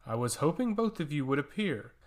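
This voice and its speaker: A stern, sarcastic god-touched woman, played by a male narrator in a spoken fantasy story. She speaks in a lifted voice that swings widely in pitch. Her words come out harsh and accusing. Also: very animated, a little fast. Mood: stern scorn.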